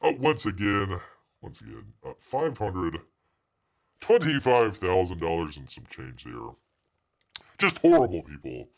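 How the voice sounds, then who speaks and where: A man's voice: low-pitched, very animated, measured pace, gravelly. A middle-aged man hosting a live comics news stream, chatting casually and sarcastically in a rambling way. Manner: sarcastic, rambling, refers to himself as Bear. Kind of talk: casual livestream chat.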